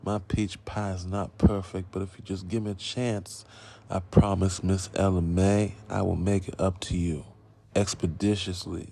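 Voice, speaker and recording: Man putting on a flustered southern gent, put-on southern accent, drawling, deep voice. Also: little pitch movement, unhurried, vocal fry, dark tone, full character voice. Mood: apologetic. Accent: put-on American Southern. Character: flustered male Southern gentleman apologizing.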